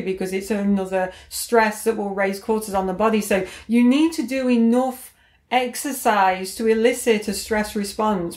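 A woman co-hosts a fitness podcast in a chatty, easygoing manner. Her voice sits at an ordinary middle pitch, and she often closes a point with a quick tag question. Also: darkish tone. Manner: chatty, laughs easily, uses tag questions. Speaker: podcast co-host. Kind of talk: casual podcast chat.

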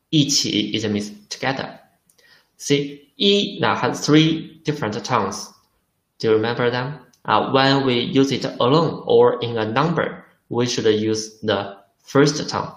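A man teaching a language lesson at a very slow, careful pace, repeating each example and checking in with "right?" His voice sits at an ordinary middle pitch. The room around him rings with echo. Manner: slow and deliberate, repeating words, asks the learners questions.

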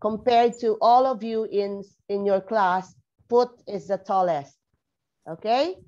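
A woman's voice: medium pitch, slow, a little mellow, dull audio. A woman teaching a grammar lesson online, spelling words out letter by letter and checking in with "okay?" after many points. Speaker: English teacher.

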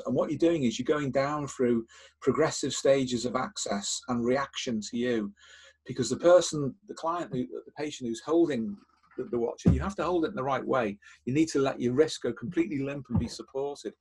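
An older man with a husky, slightly breathy voice talks as a podcast host. He explains a technique patiently, one step at a time. He often restarts a phrase or repeats a word as he goes. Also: mid-range voice, expressive, fairly quick, darkish tone. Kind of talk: instructive podcast talk.

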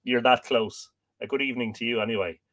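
A man's voice: medium pitch, fairly even intonation, fast talker, fairly bright tone. An Irish man hosting a casual livestream, greeting viewers by name and making jokes as he reads out their comments. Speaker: livestream host.

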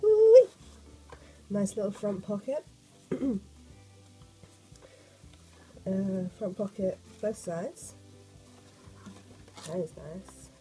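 A woman, croaky from a cold, chatting excitedly as she unboxes a sketchbook for an art vlog. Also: medium pitch, extremely slow, long pauses, soft background music, poor audio. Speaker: art vlogger.

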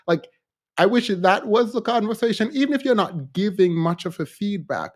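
Male host, slightly high voice, chatty and laughing, loose casual commentary. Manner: chatty, laughs between remarks.

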